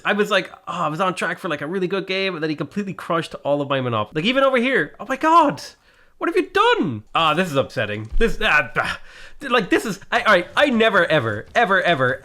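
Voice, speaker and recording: A man talking through his strategy game in a loose, rambling way, full of exasperation and self-mockery. His voice sits somewhat high for a man and leaps around a great deal, rising sharply whenever something goes wrong. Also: sharp tone. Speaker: gaming video creator. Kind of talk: casual gameplay commentary.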